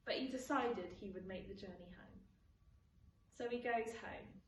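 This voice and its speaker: A woman, a children's church leader, telling a Bible story to children in an animated, expressive way. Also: mid-range voice, a little slow, a little hiss or hum. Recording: echoey room, distant mic.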